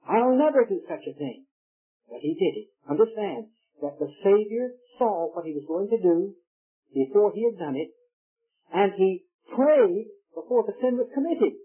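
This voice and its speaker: A man preaching a sermon, emphatic and rising on key words, with a husky voice. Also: sits high, lively intonation, moderate pace. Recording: tinny, phone-like old recording.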